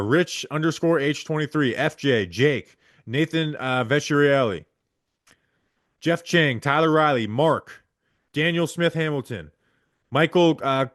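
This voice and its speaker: A man's voice: mid-range voice, fairly bright tone, no room sound, clean studio sound. Man rattling off a long list of names. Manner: rapid list-reading with stumbles over names. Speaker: podcast host. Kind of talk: reading supporter names aloud.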